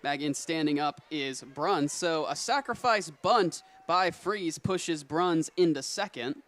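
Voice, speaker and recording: A young man calling play-by-play for a high school softball game, quick on routine calls and rising on big plays. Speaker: play-by-play announcer. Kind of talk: sports commentary.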